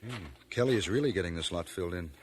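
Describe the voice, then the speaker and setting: A man's voice: deep voice, fast, slight background noise, natural voice. A man playing a good-humored father of a young girl in a 1950s radio drama, teasing and fond, at times stern.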